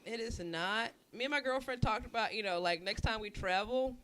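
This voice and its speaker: A middle-aged woman co-hosting a podcast in casual chat. She talks in an animated, slangy, profane way and laughs often. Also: fairly high pitch, moderate pace, slight background noise. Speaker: podcast co-host.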